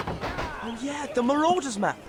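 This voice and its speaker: An actor voicing a playful teenage wizard twin in a video game. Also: male voice, very high-pitched, lively intonation, unhurried, heavily acted. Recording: game audio with loud crowd behind.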